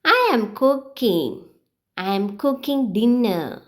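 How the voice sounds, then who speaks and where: A woman teaching beginners, reading short example sentences one by one in a slow, clear, sing-song way. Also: a little high, expressive. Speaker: English teacher.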